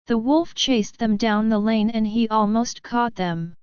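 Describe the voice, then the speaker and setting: A woman narrating a children's story with deliberate, expressive storytelling. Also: a little high, smooth, no room sound. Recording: dull lo-fi recording.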